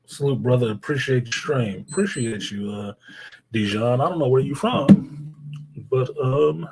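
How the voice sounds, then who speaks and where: A man's voice: medium pitch, unhurried, background noise. A man hosting a live stream, chatting loosely with viewers, joking, swearing and reading out their messages. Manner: swears freely, slangy. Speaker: livestream host.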